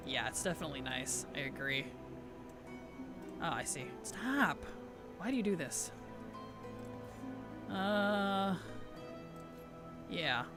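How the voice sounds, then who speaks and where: A man chatting casually on a game live stream, answering viewer chat with easy laughs. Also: high-pitched. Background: background music.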